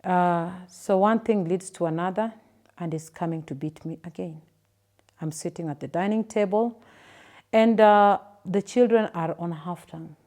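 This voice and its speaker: A Kenyan woman in her thirties, telling her own story to an interviewer in a soft, halting way with repeated words and fillers. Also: lowish voice. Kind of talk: personal testimony in an interview.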